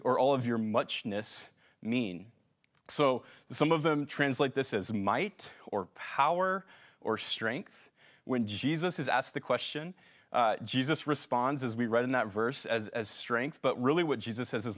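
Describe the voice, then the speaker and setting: A middle-aged man preaching a sermon in a relaxed, conversational way, with frequent fillers and restarts. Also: mid-range voice, a little slow. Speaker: pastor.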